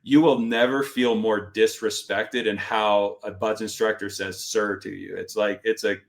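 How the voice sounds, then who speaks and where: A man's voice: fairly low pitch, measured pace, vocal fry. A middle-aged man telling a story in casual conversation as a podcast guest, animatedly acting out the voices of others. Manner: animated, acts out instructors' lines in quotes.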